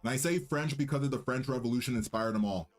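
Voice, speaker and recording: A man's voice: medium pitch, fast talker, soft background music. A young man hosting his own livestream, chatting loosely and cockily with restarts and fillers. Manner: loose, rambling, cocky banter with restarts. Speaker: livestream host and musician. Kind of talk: casual livestream chat.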